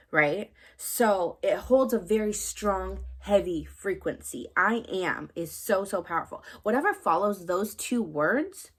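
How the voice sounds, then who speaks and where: Speaking in a mid-range voice, a young woman rambles through a casual vlog on spiritual topics, leaning heavily on fillers and tacking on tag questions again and again.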